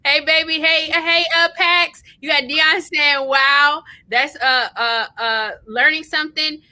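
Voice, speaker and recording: A middle-aged woman hosting a livestream, reading out viewer comments, excitable and effusive, laughing often. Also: high-pitched, a little slow. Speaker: host.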